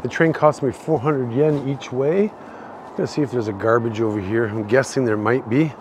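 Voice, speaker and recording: With a noisy background behind him, a Canadian-accented man speaks at medium pitch and a moderate pace. He's from Canada, a bit tipsy, and hosting a live-streamed walking tour outdoors on a city shopping street, chattily rambling to the viewers in his chat as he strolls.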